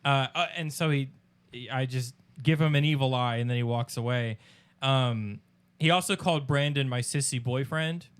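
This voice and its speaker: Bright, animated man telling stories. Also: medium pitch, moderate pace, clear, resonant tone. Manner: animated, acts out quotes with laughter. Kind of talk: casual chat, storytelling.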